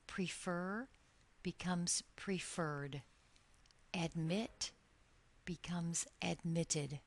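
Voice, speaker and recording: A woman teaching an English grammar lesson in a slightly low voice. She talks very slowly and deliberately, drawing out each example word so it can be followed.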